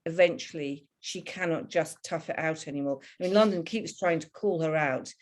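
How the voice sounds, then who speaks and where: A woman's voice: low voice, moderate pace. Woman author telling a vivid story. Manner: animated, vivid narrative storytelling. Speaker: author and historian, guest. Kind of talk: storytelling in an interview.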